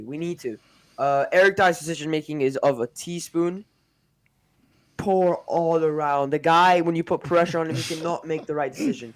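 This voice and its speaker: A man from America co-hosting a football fan show, talking in a rambling, exasperated way with frequent restarts. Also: fairly high pitch. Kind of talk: casual fan chat.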